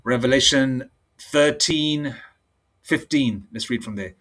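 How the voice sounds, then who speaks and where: A man giving an informal sermon, mixing casual street slang with slow, drawn-out Bible readings. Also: mid-range voice, fairly bright tone. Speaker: preacher.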